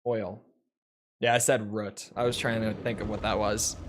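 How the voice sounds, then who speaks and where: A man's voice: lowish voice, level tone, moderate pace, background noise. A man streaming a game, chatting casually and laid-back with viewers. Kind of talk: casual chat while playing a game.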